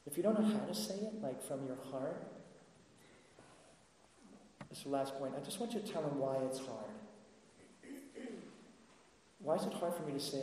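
A man's voice: fairly high pitch, fairly quick, pauses often, mellow, slight background noise. Conversational male preacher in echoey hall. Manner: conversational, checks in with listeners often. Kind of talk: sermon. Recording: echoey hall with long reverb.

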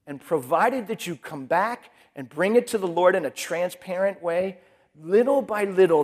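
A man's voice: high-pitched, darkish tone. A man preaching a sermon in a conversational way, acting out people's inner voices.

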